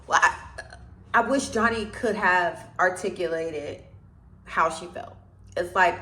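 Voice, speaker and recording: A woman giving a blunt, animated recap of a reality dating show, calling out the people she blames. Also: medium pitch, moderate pace. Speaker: reality TV reviewer. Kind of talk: opinionated recap commentary. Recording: roomy echo.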